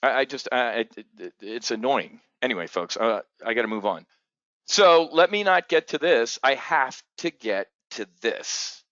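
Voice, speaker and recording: A man's voice: mid-range voice, expressive, a little slow, a bit bright, no room sound, muffled recording. A man hosting a trading show, talking in blunt, profane, agitated rants full of restarts. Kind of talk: unscripted market commentary.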